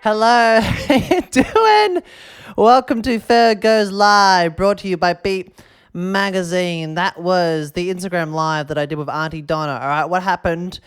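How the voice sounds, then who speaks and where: A man with an Australian accent hosting a podcast in a casual, rambling, excitable way, often tagging his sentences with a question. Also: high voice, a little slow, smooth, soft background music. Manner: rambling and excitable, keeps tagging "all right?". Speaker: podcast host.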